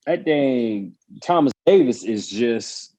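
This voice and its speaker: A former pro football player telling a story in casual chat, animated and laughing as he acts out the people in it. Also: mid-range voice, slow pace. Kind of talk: casual storytelling on a panel show.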